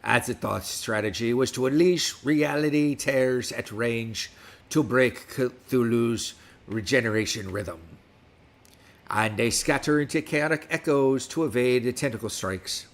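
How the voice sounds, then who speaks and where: A middle-aged man hosts a casual livestream in a mid-range, unhurried voice. He puts on a West Country pirate accent, playing up the pirate talk while reading stats aloud.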